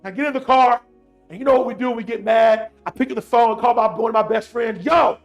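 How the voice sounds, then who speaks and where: A man with a high, gravelly voice gives a motivational talk, building points through repetition and speaking directly to the listeners. His delivery is animated, and faint music plays behind him. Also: fast talker, lo-fi sound. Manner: animated, repetitive, talks straight to the audience. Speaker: motivational speaker on emotional intelligence. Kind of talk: motivational talk with personal story.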